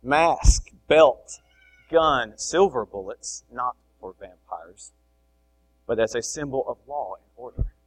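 A middle-aged man preaching a sermon, animated, swinging between loud emphasis and soft asides. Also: mid-range voice, slow pace, rough recording. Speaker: pastor.

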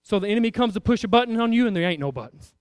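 A man's voice: high-pitched, lively intonation, rapid-fire, clean tone, dry recording, clean studio sound. A man preaching a sermon, emphatic and repetitive, acting out little voices as he goes.

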